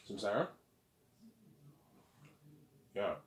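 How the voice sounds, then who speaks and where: A man's voice: fairly low pitch, big pitch swings, drawn-out words. A man rambling boastfully about his own book, swearing freely and repeating himself as he acts out imagined praise. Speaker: self-published author and vlogger.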